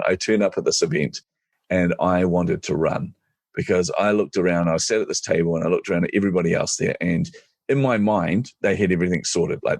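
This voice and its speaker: A middle-aged man speaks as a podcast guest in a very deep voice with a gravelly, husky edge. He tells a personal anecdote in a lively way and acts out his own thoughts. The recording is dry, with no room sound. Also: dry recording. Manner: animated anecdote-telling, acting out his inner voice. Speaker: podcast guest, marketing strategist. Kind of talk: storytelling in an interview.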